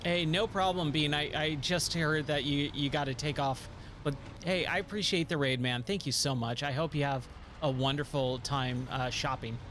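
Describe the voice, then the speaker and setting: A man's voice: fairly high pitch, steady tone, moderate pace, noisy background. A man streaming a video game, chatting casually with his viewers in a laid-back way and laughing often. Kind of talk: casual live-stream chat.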